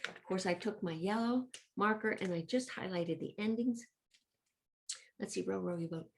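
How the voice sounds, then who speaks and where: A woman's voice: medium pitch, normal speed, creaky. A woman teaching a recorded Latin review lesson to children. She speaks in an upbeat, encouraging way, addresses the kids directly and chants word forms in rhythm.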